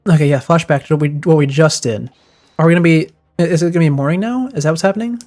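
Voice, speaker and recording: A man streaming a video game, with excitable reactions while he comments and reads the dialogue aloud. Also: on the high side, quick pace, soft background music. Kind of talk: let's-play commentary, reading dialogue aloud.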